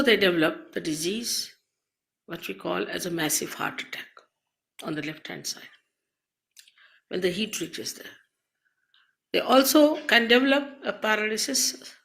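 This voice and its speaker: A woman spiritual teacher giving a slow, measured talk to an audience, speaking into a mic in a hall. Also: mid-range voice, gravelly, a bit bright.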